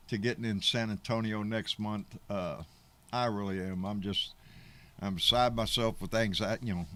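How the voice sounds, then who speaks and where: A middle-aged man talks on a casual livestream in a fairly low voice. He rambles in a folksy way, swears freely and answers his viewers' comments as he goes. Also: pushed and bright. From Texas. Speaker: livestream host.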